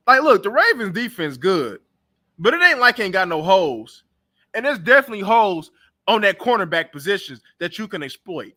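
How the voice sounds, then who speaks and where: On his own talk show, a young man rants about football in a high, very bright, forceful voice. He calls players out bluntly and heatedly, trash-talking in a loose, casual reaction style.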